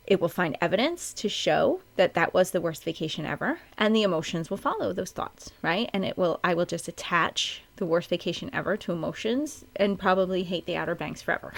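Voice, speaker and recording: A woman's voice: lowish voice, fairly quick, gravelly. A woman in her thirties hosting a podcast, telling a personal story in a chatty, candid way with plenty of fillers. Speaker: podcast host.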